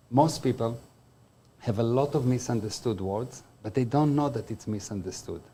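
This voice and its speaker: A man speaks as a motivational speaker in a mellow, dark-toned voice. His pitch sits in the ordinary middle range. He defines terms one by one and sometimes acts out little scenes to make his point. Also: a little hiss or hum. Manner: explains terms by defining them, with everyday examples. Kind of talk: motivational talk.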